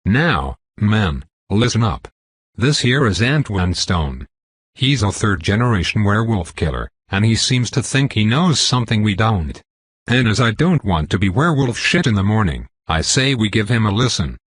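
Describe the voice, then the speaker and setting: A grizzled older mercenary captain, read by a man in a storybook. He rallies his men in a gruff, husky, lowish voice. The sound is close and dry. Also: very animated, moderate pace, fairly bright tone, no room sound, heavily acted. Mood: commanding.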